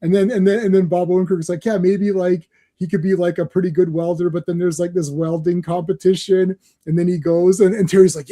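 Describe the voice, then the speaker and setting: A man's voice: high-pitched, a little fast. A man hosting a casual chat, telling stories with lots of laughter and repeated words. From Canada. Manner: animated storyteller, laughs often, repeats words. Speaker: podcast host.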